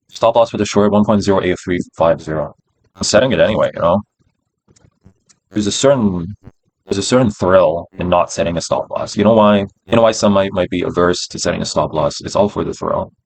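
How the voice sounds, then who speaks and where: His voice is deep and a little mellow and husky, with vocal fry, at a normal speed. He streams his day trades, muttering through them casually with profanity and repeated phrases. The recording is rough, with no room sound.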